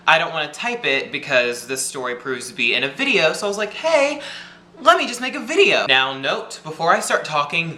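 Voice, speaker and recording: A man's voice: mid-range voice, bright, forceful tone, reverberant. A young man vlogging, telling a personal story to the camera in a chatty way, full of fillers. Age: young adult. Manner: chatty, lots of fillers and 'like'.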